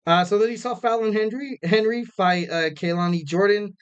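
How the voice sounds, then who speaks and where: A man's voice: high-pitched, normal speed, smooth, muffled recording. A young man hosting a podcast, recapping wrestling in a casual, rambling way with lots of fillers, self-corrections and jokes at his own expense. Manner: jokey, laughs at himself. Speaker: podcast host.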